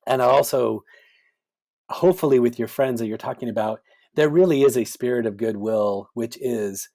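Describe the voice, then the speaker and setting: Man, podcast guest, mid-pitched, thoughtful and animated, acts out quotes. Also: moderate pace, vocal fry. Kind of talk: conversational interview.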